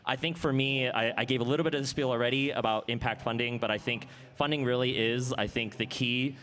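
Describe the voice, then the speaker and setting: A man's voice: medium pitch, steady tone, brisk, a bit bright. Man musing on a conference panel. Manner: thoughtful, repeats words when starting. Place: conference hall.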